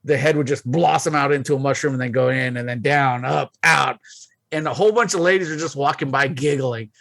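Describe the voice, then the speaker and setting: A man's voice: medium pitch, brisk, vocal fry, fairly bright tone, no echo. A man co-hosting a podcast, telling a rambling anecdote full of fillers. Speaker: podcast co-host. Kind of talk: casual chat.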